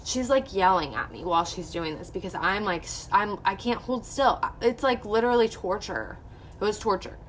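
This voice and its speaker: A woman's voice: medium pitch, normal speed, slight background noise. A young woman vlogger candidly telling a personal story to her viewers, emotional and full of "like". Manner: candid, emotional, heavy use of "like".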